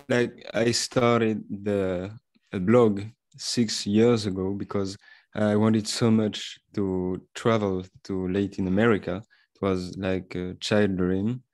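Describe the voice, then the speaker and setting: A man from France with a French accent, speaking English as a guest in an online interview about his channel. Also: fairly low pitch. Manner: unhurried and flat, with fillers. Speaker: language content creator, guest. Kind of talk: online panel interview answers.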